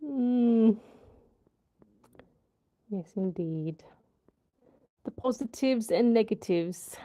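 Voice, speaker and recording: A woman chats through a casual livestream, laughing as she reads out comments and drifts between topics. Her voice sits a little high, and she takes her time with every phrase. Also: animated, drawn-out words, warm tone. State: wheezing at times. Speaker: livestream host.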